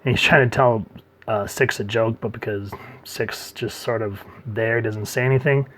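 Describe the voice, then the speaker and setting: A man's voice: lowish voice, steady tone, normal speed, a bit bright. Man, comic book reviewer, casual, rambling, fillers and restarts.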